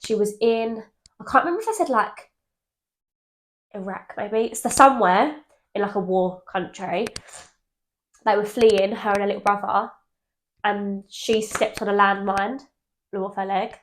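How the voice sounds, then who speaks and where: A young woman co-hosting a podcast, telling ghost stories in animated casual chat and swearing freely. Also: mid-range voice, moderate pace, pauses often, a little hiss or hum. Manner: animated storytelling, swears freely, laughs often. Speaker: podcast co-host.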